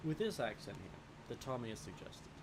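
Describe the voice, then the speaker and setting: A man's voice: medium pitch, big pitch swings, fairly quick, background noise. A man playing a tabletop game, joking and playful as he chats. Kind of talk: casual game chat over voice call.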